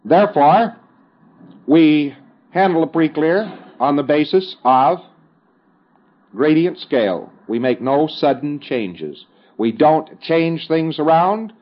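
A man's voice: a little high, muffled recording. A man giving a recorded instructional lecture in a conversational, emphatic way, with folksy asides and fillers.

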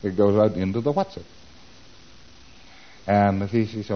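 Man lecturing on a dull old tape. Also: on the low side. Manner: animated, acts out exchanges with quick mumbled asides. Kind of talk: recorded lecture.

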